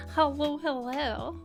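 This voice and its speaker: Bubbly woman streamer, unhurried delivery, slightly high voice, greets chat warmly over faint music. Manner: bubbly, giggly, greets chatters one by one. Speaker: art streamer. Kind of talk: casual livestream chat. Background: faint background music.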